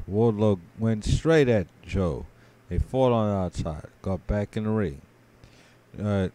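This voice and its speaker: A man co-hosting a podcast, giving a casual play-by-play recap of a wrestling match, sleepy and yawning, his voice trailing off quietly with many ums. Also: fairly low pitch. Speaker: podcast co-host.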